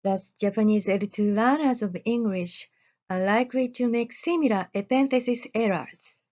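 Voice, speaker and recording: A woman researcher giving a recorded academic presentation, reading deliberately with careful pauses. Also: fairly high pitch, darkish tone, lo-fi sound.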